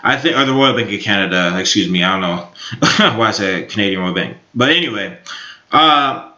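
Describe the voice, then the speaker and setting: A man's voice: lowish voice, expressive, fairly quick, pushed and bright. A man in his twenties giving rambling, upbeat casual commentary on crypto markets, full of fillers. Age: 20s. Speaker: crypto YouTuber. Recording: echoey room, dull lo-fi sound.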